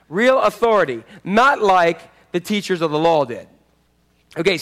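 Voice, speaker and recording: This high-voiced pastor gives a lively sermon, performing the parts of the story's characters in their own voices.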